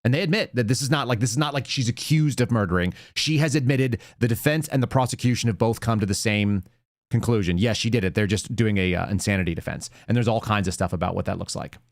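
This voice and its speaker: A man's voice: lowish voice, quick pace, no echo, studio quality. Indignant man hosting a commentary show. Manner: blunt, indignant, rambling commentary. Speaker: show host.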